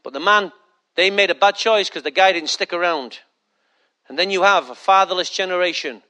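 High, bright-voiced pastor preaching. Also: male voice, normal speed. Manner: emphatic preaching with joking asides to the congregation. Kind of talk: sermon.

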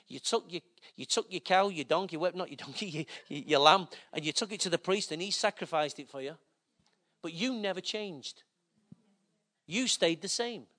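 A man delivers a sermon in an easygoing, humorous manner, often turning to the congregation with asides. His voice sits very high for a man, bright and forceful. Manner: conversational, joking preaching with asides to the audience. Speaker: preacher.

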